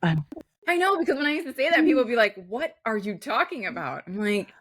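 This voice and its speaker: A woman's voice: a little high, very animated, a little fast. Chatty woman with a Chicago accent. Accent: Chicago Midwestern. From Chicago, US Midwest. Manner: chatty, many fillers and laughs. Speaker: podcast co-host. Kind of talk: casual chat.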